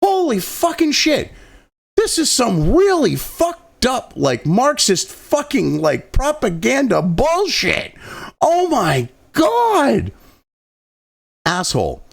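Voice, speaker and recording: A man's voice: very high voice, huge pitch swings, slow pace, gravelly. A man from New England ranting angrily about politics, swearing constantly and dripping with sarcasm. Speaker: political commentary host. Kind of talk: profane political rant.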